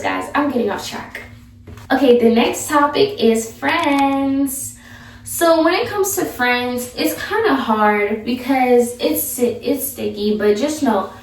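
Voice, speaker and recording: A woman's voice: a little high, expressive, takes it slowly, creaky. A young woman vlogger giving blunt, sassy advice in a casual, chatty way. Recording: echoey room, mic far off.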